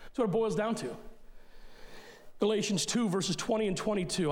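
A man's voice: high voice, normal speed, pauses often. A male pastor preaching a sermon in an emphatic, conversational way, speaking straight to his listeners.

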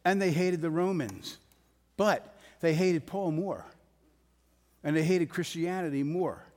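Emphatic pastor in a reverberant hall. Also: male voice, a little high, measured pace. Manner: blunt, emphatic, rising to forceful peaks. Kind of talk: sermon.

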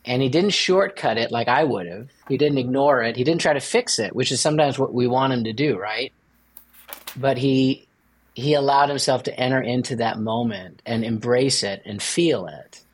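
A man's voice: moderate pace, breathy edge. A man co-hosting a faith podcast as a priest, chatting casually and joking with playful asides. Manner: playful, jokes with sudden high-pitched asides.

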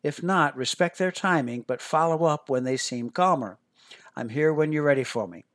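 A middle-aged man, the host and a doctor, giving scripted parenting advice in a measured, instructive and earnest way. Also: a little high, a bit bright.

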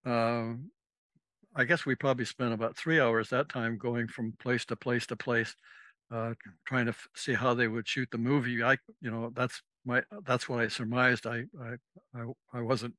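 A former navy officer, a man, spins a rambling anecdote as a podcast guest and slips into the voices of the people he quotes. His voice is bright and forceful. It sits close and dry, with no room around it. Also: medium pitch, level tone, normal speed, no echo. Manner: rambling, acts out quoted dialogue. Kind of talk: casual anecdotal storytelling.

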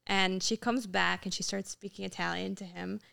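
A young woman chatting on a podcast, her voice crackling with heavy fry yet bright and clean. She tells her stories animatedly and slips into the voices of the people she quotes. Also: medium pitch, normal speed. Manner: animated storyteller, acts out quotes in Italian. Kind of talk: casual chat.

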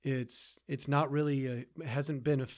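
A man's voice: mid-range voice, little pitch movement, normal speed, darkish tone. A man co-hosting a podcast in casual chat, often trailing off and restarting his sentences. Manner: hesitant, trailing off mid-sentence. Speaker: podcast co-host.

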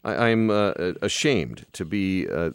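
A man's voice: sits low, takes it slowly, creaky, smooth, no echo. A man hosting a radio talk show, bantering casually and poking fun at himself. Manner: self-deprecating, jokey, animated. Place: radio studio.

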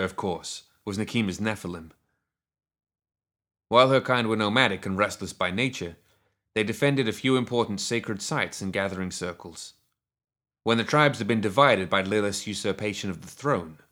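Man, lowish voice, audiobook narrator, steady measured storytelling. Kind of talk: scripted fantasy narration.

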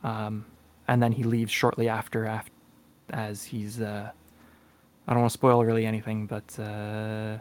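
A man's voice: fairly low pitch, monotone, unhurried. A man co-hosting a casual podcast chat, hesitant with lots of fillers, often laughing. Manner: hesitant, many ums and uhs, laughs often. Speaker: podcast co-host and player.

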